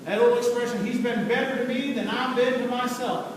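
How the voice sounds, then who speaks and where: A man preaching a sermon in a church, his voice sitting very high and building through fervent repetition. The sound is caught from a distance in a big echoey sanctuary, with clear noise behind him. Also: fairly even intonation, brisk. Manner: preaching with rising fervor and repetition. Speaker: pastor. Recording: echoey hall, distant mic, noisy.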